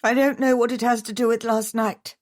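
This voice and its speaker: A distraught society widow, as a woman reads her part, her voice climbing high and strained. She pleads and frets in a dry, close storybook narration. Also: measured pace, creaky, no room sound. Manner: pleading, teary, strained and rising.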